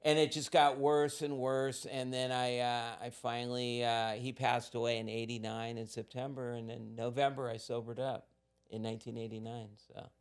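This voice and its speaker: A man's voice: mid-range voice, level tone, normal speed, clear, resonant tone. A man in his sixties from Southern California, a podcast guest telling candid, laid-back stories and acting out the voices in them. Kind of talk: casual storytelling.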